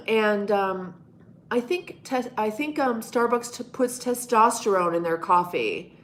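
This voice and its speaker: On a laid-back live stream, a woman with a mid-range, expressive voice talks slowly with her audience. She teases them playfully and bursts into loud monkey noises.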